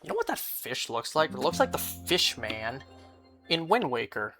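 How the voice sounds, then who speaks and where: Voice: mid-range voice, very animated, moderate pace, soft background music. A streamer chatting casually during a live game, rambling and reacting with disbelief to what chat says.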